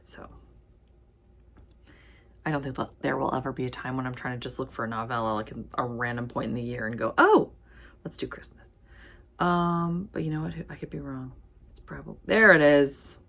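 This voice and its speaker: A woman chatting casually as a book vlogger, reading ebook titles aloud with quick, animated asides. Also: deep voice, creaky. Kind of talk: casual chat while sorting ebooks.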